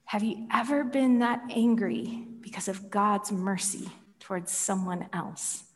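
A woman's voice: medium pitch, unhurried. A woman preaching a sermon, telling a story playfully with laughs and rhetorical questions, in a church hall. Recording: long reverb of a large hall.

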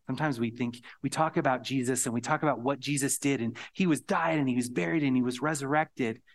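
A man preaching a sermon, earnest and storytelling, sometimes dropping to a hushed whisper on key words. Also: medium pitch, fast. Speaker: pastor.

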